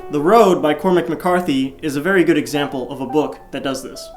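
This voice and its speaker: A man reading a school presentation from a script in a steady voice. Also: fairly high pitch, brisk. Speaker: student presenter. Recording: soft guitar music behind.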